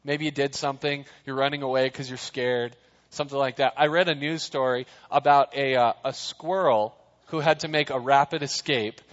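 A man's voice: medium pitch, steady tone, moderate pace. A man giving a casual sermon to a young crowd, chatty and jokey, often throwing questions at the listeners. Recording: dull sound in a reverberant hall.

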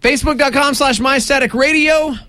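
A radio co-host in casual morning banter, quick and playful, giving out the station's contact details. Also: sits high, pushed and bright, dry recording.

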